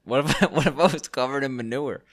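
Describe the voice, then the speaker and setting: A man co-hosting a podcast, joking and quick to laugh in casual banter over a call. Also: medium pitch, a bit bright. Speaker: podcast co-host. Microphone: remote call.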